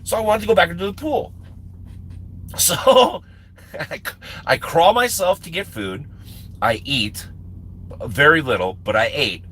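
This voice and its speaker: A man's voice: a little high, lively intonation, unhurried, pauses often, a bit bright, husky, poor audio. A man hosting a livestream, telling a long personal story in a casual, profane way with laughing asides. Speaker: livestream host.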